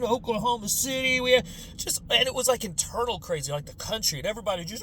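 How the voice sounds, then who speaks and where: A man's voice: high-pitched, quick pace, a little hiss or hum. A man in his forties doing a profane, casual comedic rant about politics and generations. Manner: profane, animated, lots of quoted voices. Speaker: commentator.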